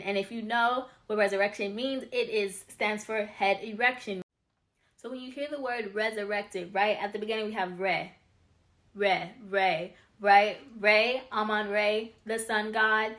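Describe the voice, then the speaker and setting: A woman teaching spiritual ideas on her own channel in a casual, chatty way. She gets excitable and keeps talking straight to her viewers. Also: mid-range voice. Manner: addresses viewers as y'all and you guys. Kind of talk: casual teaching talk over slides.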